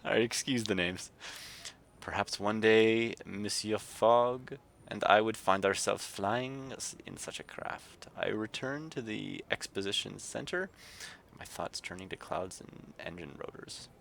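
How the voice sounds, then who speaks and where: A man's voice: fairly low pitch, unhurried, gravelly, a bit bright. A man livestreaming a game, reading its text aloud and chatting casually with viewers. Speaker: streamer.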